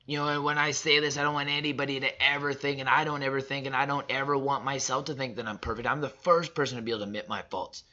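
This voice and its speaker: A man in his thirties delivering a personal motivational monologue, emphatic and repetitive, swinging between loud and soft. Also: medium pitch, flat delivery, quick pace, hardly any pauses, highs cut off. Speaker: father sharing reflections.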